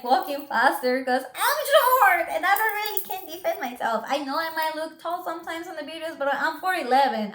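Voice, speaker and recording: A young woman tells a story in a casual vlog, with a high, expressive voice. She is animated and lively as she relates what happened. Her voice rings in an echoey room. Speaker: vlogger telling a story.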